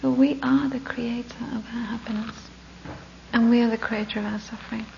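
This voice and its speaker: A woman gives a Buddhist talk built around a story, slipping into breathy whispers for emphasis and laughing between lines. Her voice sits a little high, with a gravelly edge. It is heard on a dull lo-fi recording with a faint hum behind it. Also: fairly even intonation, brisk, darkish tone. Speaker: Buddhist teacher.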